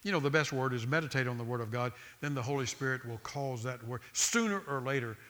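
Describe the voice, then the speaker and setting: A man's voice: medium pitch, fast talker, a bit bright. A man preaching a sermon, with an emphatic, repetitive cadence that builds through lists of phrases.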